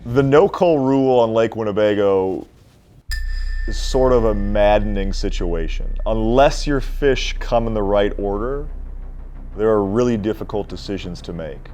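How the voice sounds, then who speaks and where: A man, a professional angler, narrating his tournament in a measured, earnest interview voice. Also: on the low side, dark tone, slight background noise.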